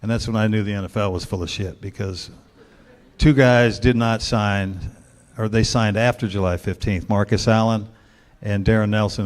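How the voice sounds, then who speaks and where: A man in his sixties, a guest speaker telling a long, wry story to a luncheon club in a laid-back way. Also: lowish voice.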